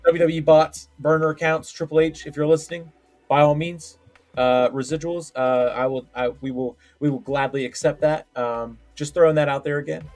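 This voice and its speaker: A man's voice: fairly high pitch, steady tone, normal speed, a little mellow. A man co-hosting a podcast, chatting casually with lots of restarts and filler. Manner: rambling, full of restarts and "like". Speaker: podcast co-host. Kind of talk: casual wrestling predictions chat.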